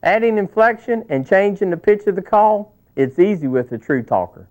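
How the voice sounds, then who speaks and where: A man's voice: high voice, animated, moderate pace, darkish tone. A man hosting an instructional video, presenting in a folksy scripted way and calling himself a cowboy. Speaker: video host. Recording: tinny, phone-like old VHS sound.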